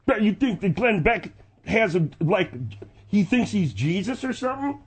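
A man voicing a cocky young male sidekick who butts in with loud, brash remarks. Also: high voice, lively intonation, moderate pace, breathy edge, voice pushed up, heavily acted.

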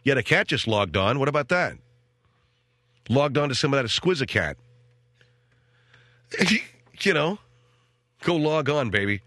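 A man's voice: mid-range voice, lively intonation, unhurried, long pauses, sharp tone, no echo, studio quality. A middle-aged man hosting a talk show, ranting in a rambling, wisecracking way and mimicking the people he talks about. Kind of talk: comic rant to co-hosts.

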